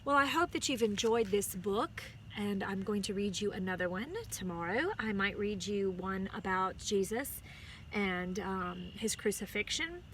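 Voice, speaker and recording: A woman, a music teacher, reading a picture book aloud to her students outdoors and pausing to explain words to the children. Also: medium pitch, fairly bright tone, a little hiss or hum. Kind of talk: storybook read-aloud. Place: outdoors on a chilly day.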